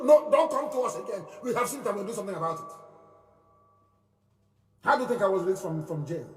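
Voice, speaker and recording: A man giving an impassioned live speech, repeating phrases in a preaching cadence and moving from loud declarations to low murmurs. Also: echoey room, long reverb tail, distant mic. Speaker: movement leader giving a live broadcast.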